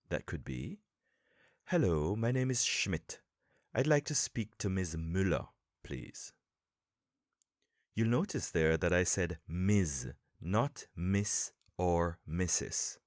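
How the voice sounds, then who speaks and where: A man hosting a podcast lesson for English learners, explaining in a calm, measured way with emphatic pauses. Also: low voice, no echo, clean studio sound. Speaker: podcast host and English coach.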